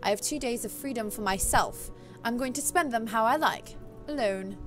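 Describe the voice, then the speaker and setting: Girl reading as a dry couldn't-care-less sister, flat and sarcastic. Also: fairly high pitch, moderate pace, music in the background, lightly acted. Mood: sardonic. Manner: flat, sardonic, uninterested. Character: aloof indifferent sister, young woman. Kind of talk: reading a visual novel aloud.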